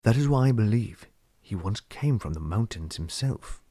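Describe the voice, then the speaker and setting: A grave, lecturing old wizard, put on by a man reading a storybook aloud. His voice sits low and dark. He speaks in measured, cross sentences. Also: lively intonation, dry recording, studio quality. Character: old male wizard, stern and testy.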